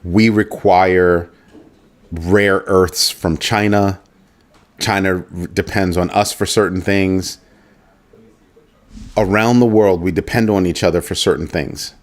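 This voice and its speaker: A man with a very low voice hosts a casual livestream. He muses aloud, keeps asking rhetorical questions, and stops to read out viewer chat. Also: fairly even intonation, takes it slowly, long pauses. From United States. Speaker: livestream host.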